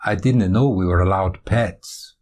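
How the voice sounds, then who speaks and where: A man's voice: deep voice, measured pace, a little mellow, slight background noise. A man doing an easygoing Scottish guy. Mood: friendly. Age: 30s. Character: affable big Scottish man, about thirty.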